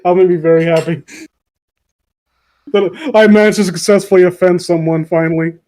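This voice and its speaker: A young man co-hosting a casual group chat, animated and laughing often. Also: high voice, a little fast. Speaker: podcast co-host.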